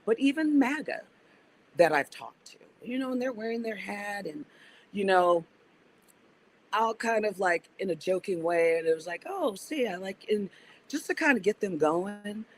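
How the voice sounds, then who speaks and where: A woman's voice: medium pitch, lively intonation, moderate pace, a little hiss or hum, poor audio. A woman guest on a podcast, an organizer and activist, talking reflectively and restarting her sentences as she thinks. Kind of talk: casual interview conversation.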